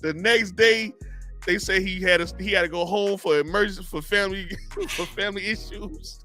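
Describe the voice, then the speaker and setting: Bright-voiced man telling wild stories. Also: sits high, normal speed, faint music behind. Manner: animated, laughing, slangy storyteller. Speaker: podcast co-host. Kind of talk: casual storytelling chat.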